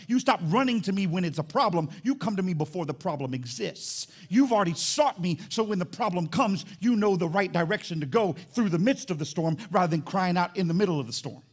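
A pastor preaching a lively, jokey sermon, shifting between quick asides and shouted high points. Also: male voice, breathy edge.

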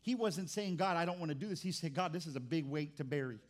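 A man's voice: on the high side, quick pace. A pastor preaching a sermon in an impassioned, conversational way, often restarting his words.

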